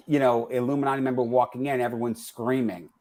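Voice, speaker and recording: A man co-hosting a casual podcast, talking in a halting way with frequent restarts and fillers. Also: mid-range voice, flat delivery, darkish tone. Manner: halting, many restarts and "you know" fillers. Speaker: podcast co-host.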